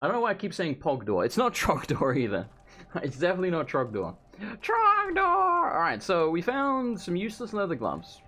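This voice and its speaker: A man's voice: fairly high pitch, huge pitch swings, a little fast, a bit bright. Chatty, rambling male game commentator. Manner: rambling and chatty, swearing, eating while talking. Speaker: let's play commentator. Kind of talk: casual gameplay commentary.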